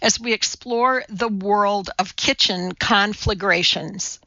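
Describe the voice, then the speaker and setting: Self-assured TV cook and mother from an audiobook, firm and matter-of-fact, read by a woman. The voice sounds bright and unhurried, and the recording is dry and slightly dull. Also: medium pitch, no echo. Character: confident, brisk woman TV cooking host and mother.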